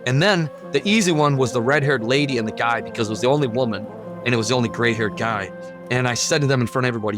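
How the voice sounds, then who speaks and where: A man's voice: medium pitch, very fast, over music. A man telling his own near-death story in an earnest, vivid and emphatic way. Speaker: guest sharing a near-death testimony. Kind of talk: personal testimony storytelling.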